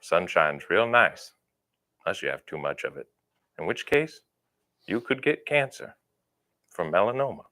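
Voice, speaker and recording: A man doing a deep, sultry-voiced nature guide who drawls through a lazy scenic tour. The voice sits low and unhurried, with a lingering, languid delivery. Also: very animated, bright, forceful tone, a little hiss or hum, exaggerated voice, rough recording.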